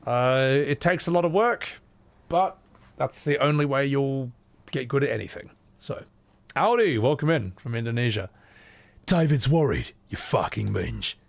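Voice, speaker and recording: Male streamer, gravelly, casual and loose-tongued. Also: medium pitch, expressive, normal speed. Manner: chatty, loose, swears casually. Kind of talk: casual live-stream chat.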